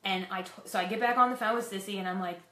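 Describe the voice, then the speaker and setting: Speaking rapid-fire in a mid-range voice with a sharp tone, a woman who vlogs about fitness frankly shares a scary thing that happened to her, poking fun at herself as she goes. The sound has noticeable reverb.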